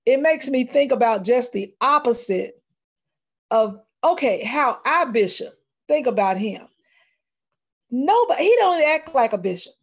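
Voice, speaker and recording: A woman's voice: on the high side, lively intonation, measured pace, husky, dull audio. A woman in a Sunday school class chatting casually, trailing off mid-sentence. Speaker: class member. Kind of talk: casual chat.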